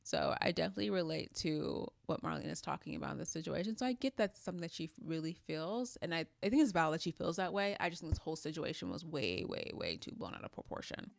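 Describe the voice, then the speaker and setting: A woman's voice: sits low, sing-song, fast talker, creaky, hardly any pauses, dry recording, studio quality. A woman in her twenties giving a chatty, opinionated recap of a reality show, with plenty of casual fillers. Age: 20s.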